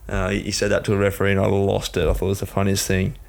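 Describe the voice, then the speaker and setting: A man's voice: low voice, monotone, very fast, gravelly, darkish tone. An Australian man co-hosting a podcast, chatting in a laid-back, joking way. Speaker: podcast co-host. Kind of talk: casual podcast chat.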